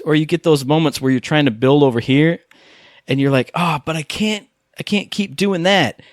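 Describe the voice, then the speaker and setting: Excitable rambling male podcast co-host. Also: a little high, normal speed, dry recording, clean studio sound. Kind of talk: casual gaming chat.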